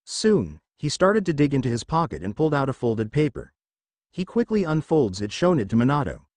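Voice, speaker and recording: A man's voice: medium pitch, big pitch swings, fairly quick, a little mellow, dry recording. A man narrating a fan fiction story in a plain reading style, with frequent slips. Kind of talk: amateur fanfiction reading.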